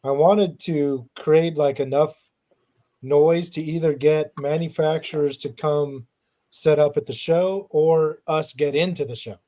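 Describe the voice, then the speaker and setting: A man with a dark, mellow voice that sits slightly high, chatting casually on a podcast. He talks haltingly, often restarting his sentences and stumbling over words. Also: fairly even intonation. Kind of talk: casual chat.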